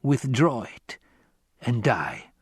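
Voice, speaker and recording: A man voicing a menacing old woman who speaks slowly and commandingly, recorded dry and close. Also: medium pitch, sing-song, husky, dry recording, full character voice. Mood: stern, menacing. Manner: slow, stern, commanding. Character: menacing old female witch-like crone.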